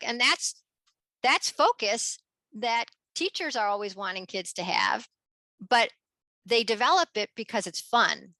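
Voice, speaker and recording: A woman being interviewed, talking in a lively way and acting out children's voices with big jumps in pitch. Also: gravelly, no room sound. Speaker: guest. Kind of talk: animated conversational interview.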